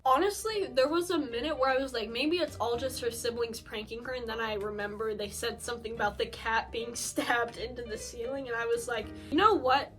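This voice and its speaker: A young woman vlogger who reads scary stories aloud in an animated voice, acting out the lines and breaking off to laugh and add chatty asides. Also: on the high side, fairly quick, few pauses, soft background music. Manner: animated, acts out lines in the story.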